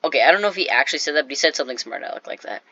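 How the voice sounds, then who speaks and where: A man's voice: on the high side, expressive, racing, sharp tone. A teenage boy telling a story straight to his viewers, rambling with lots of "like"s and restarts. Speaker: vlogger. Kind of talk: casual storytelling to camera. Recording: slightly dull lo-fi recording.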